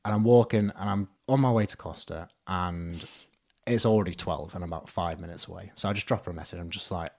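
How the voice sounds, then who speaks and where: Young man, lowish voice, chatty podcast guest who narrates by acting out the dialogue. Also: fast, gravelly. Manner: animated storyteller, acts out both sides with "I'm just like". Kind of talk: casual storytelling.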